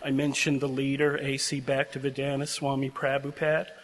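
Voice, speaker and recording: A man's voice: medium pitch, completely flat delivery, a little fast. Older man speaking in an echoing chapel. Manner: heartfelt, emotional, prone to tearing up. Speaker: guest speaker addressing seminary graduates. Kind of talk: earnest storytelling address. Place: large chapel. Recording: long chapel reverb.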